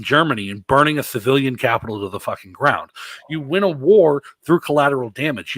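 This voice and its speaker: A man telling war stories in a casual podcast conversation, cursing often and swinging from loud bursts to low mutters. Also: dry recording. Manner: profane, animated storyteller with big swings in loudness. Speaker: veteran guest.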